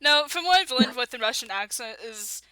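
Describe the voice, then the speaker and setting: A woman's voice: sits high, animated, brisk, over a noisy crowd, rough recording. A woman playing a tabletop role-play game, chatting playfully and teasing. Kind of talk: casual chat while role-playing.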